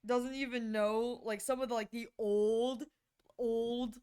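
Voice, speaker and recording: A young woman streamer chatting casually and telling animated stories to her viewers, often laughing. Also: a little high, slow, clear, resonant tone. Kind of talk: casual livestream chat.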